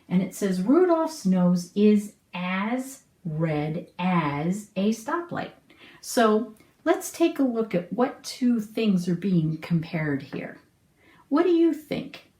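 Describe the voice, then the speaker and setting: Slow, patient woman teacher. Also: lowish voice, mellow, echoey room. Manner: patient, explains slowly, asks the viewer questions. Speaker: homeschool teacher. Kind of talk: online lesson.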